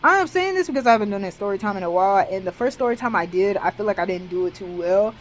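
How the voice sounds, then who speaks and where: Talking fast in a mid-range voice, a young woman in college delivers a storytime vlog on a rough recording. Her casual speech is animated and profane, studded with fillers like "bro" and "dead ass."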